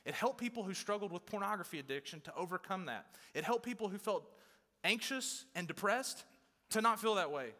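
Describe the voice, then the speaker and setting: A young male pastor preaches in a casual, conversational style, breaking into emphatic bursts and acting out quotes from churchgoers. His high-pitched voice is brisk, pushed and bright, with lively intonation, and the church hall adds a long reverb.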